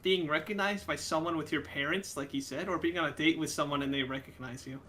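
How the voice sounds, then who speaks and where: A man's voice: fairly high pitch, fast talker, sharp tone, faint music behind. A young man co-hosting a podcast in casual chat, making dry, crude jokes. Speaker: podcast co-host.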